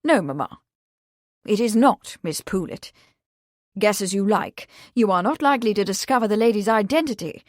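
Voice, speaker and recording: A woman reading an audiobook, voicing a confident young gentleman who speaks in a measured, formal way. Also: medium pitch, expressive, no room sound, clean studio sound, lightly acted. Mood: pleased.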